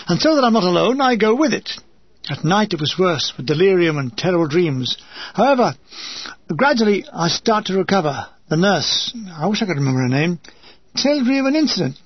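An older man reads his wartime memoir with wry, dry humour. His voice is high and husky. It is recorded close and dry on a dull lo-fi track. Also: very animated, fairly quick, no room sound. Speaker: memoir reader. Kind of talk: reading a wartime memoir aloud.

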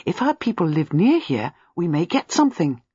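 A reader voicing a keen young husband who explains plans briskly and quickly. The voice is husky, and the close, dry recording is a little dull. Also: male voice, on the high side, very animated, dark tone, no room sound. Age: young adult. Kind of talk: audiobook character voice.

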